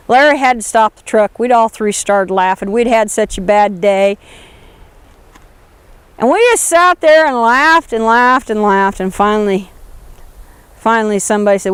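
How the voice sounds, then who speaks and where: A woman telling a story in a folksy, animated spoken manner. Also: mid-range voice, moderate pace, clean tone, no echo.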